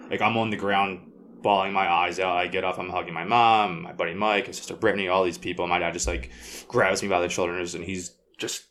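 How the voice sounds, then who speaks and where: A man with a very deep voice talks fast in casual conversation. He tells his stories excitedly and swears freely. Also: a little hiss or hum. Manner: excited, profane storytelling. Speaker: sports blogger. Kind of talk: casual chat.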